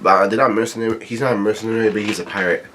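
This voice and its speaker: A man's voice: on the low side, steady tone, rapid-fire, fairly bright tone, a little hiss or hum. A man reading a comic chapter aloud and commenting casually, often stopping to think and correct himself mid-sentence. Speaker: manga reader reacting to a new chapter. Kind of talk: casual read-along commentary.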